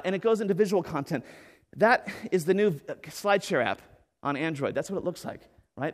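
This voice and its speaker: A man with a fairly high voice delivers an energetic keynote from a conference stage. He jokes, leans on "right?" and tumbles through restarts as he gets excited. The sound carries the long echo of a large hall. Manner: animated, enthusiastic, jokey with frequent "right?" and fillers. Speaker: conference speaker. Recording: echoey hall with long reverb.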